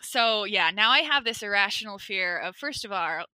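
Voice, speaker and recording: A young woman co-hosting a podcast, telling a story in a casual chat, animated and laughing, with lots of "like". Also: medium pitch, moderate pace, dry recording. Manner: animated, laughing, says "like" often.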